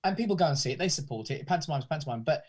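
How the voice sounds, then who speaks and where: Uk guy rambling on in an interview, lots of restarts, slightly high voice. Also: expressive, racing, slightly rough. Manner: rambling, many restarts and fillers. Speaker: guest, pantomime academy founder. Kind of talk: casual interview chat.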